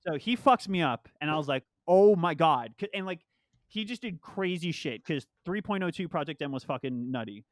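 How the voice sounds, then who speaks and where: A man's voice: fairly high pitch, lively intonation, normal speed, no echo, studio quality. A young man from New York with no accent, chatting loosely as a guest about playing Smash. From Long Island, New York. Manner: rambling, loose, swears often. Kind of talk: casual podcast chat.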